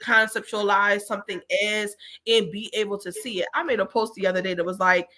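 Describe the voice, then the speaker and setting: A woman co-hosting a casual money talk, chatty and animated, telling stories with many fillers. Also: medium pitch, brisk, slight background noise. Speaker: co-host.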